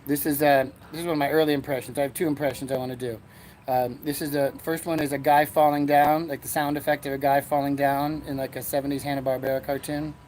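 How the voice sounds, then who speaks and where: A male podcast host from Erie, Pennsylvania, USA, talks fast in a medium-pitched, flat, slightly mellow voice. His rambling solo comedy podcast is meandering and self-mocking, recorded outdoors on a porch with faint ambience and slight background noise.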